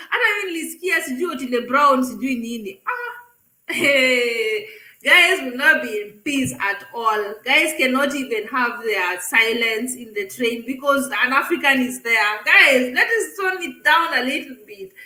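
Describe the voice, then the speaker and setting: A Kenyan woman chats casually on a live stream in a high, bright voice. She talks animatedly, laughs often and mixes Swahili phrases into her English. The sound is echoey, as if from a bare room.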